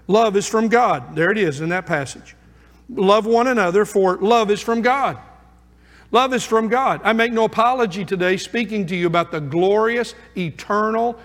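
Preacher, male, high-pitched and fervent; stacks repeated phrases, long hall reverb. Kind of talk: sermon.

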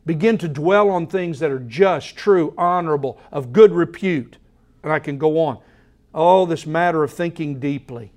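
High-voiced man preaching a sermon. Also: normal speed, a little mellow. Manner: earnest, emphatic preaching with frequent restarts. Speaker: pastor. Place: church.

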